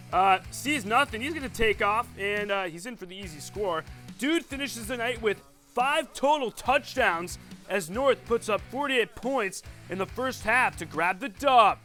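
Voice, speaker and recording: Man, sports host, high bright voice, playful slangy highlight calls, light music under. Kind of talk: energetic sports highlight commentary.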